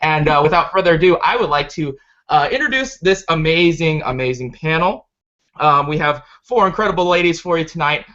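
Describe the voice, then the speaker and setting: Effusive male host on a video call, sharp bright tone, dull lo-fi sound. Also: fairly high pitch, animated, a little fast. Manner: effusive, full of "uh" fillers. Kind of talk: casual web show hosting. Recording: muffled lo-fi video call audio.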